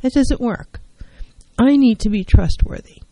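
A woman's voice: a little high, a little slow, mellow, no room sound, low-quality recording. A woman therapist giving an earnest self-help talk on mental health, driving her points home by repeating key phrases.

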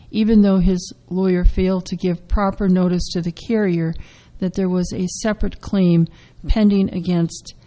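A woman hosting a radio talk show about legal news, getting over a cough and speaking haltingly with many fillers. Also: lowish voice, dark tone, poor audio. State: recovering from a cough. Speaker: radio host.

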